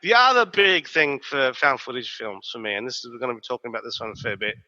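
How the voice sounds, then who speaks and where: A man, co-hosting a podcast and telling stories in a lively, swearing, casual way. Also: medium pitch, fast. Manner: animated, profane storytelling. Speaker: podcast co-host. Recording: dull, reverberant recording.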